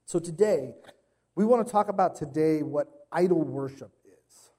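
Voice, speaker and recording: A man's voice: on the high side, expressive, moderate pace, warm tone. A man in his thirties, a pastor giving a sermon, telling stories in a casual, conversational way with playful impressions.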